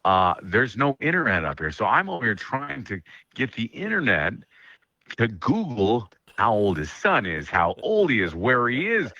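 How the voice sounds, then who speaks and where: Animated man telling jokey stories. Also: on the low side, no echo, muffled recording. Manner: animated, jokey, quick asides. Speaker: radio host. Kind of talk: casual storytelling chat.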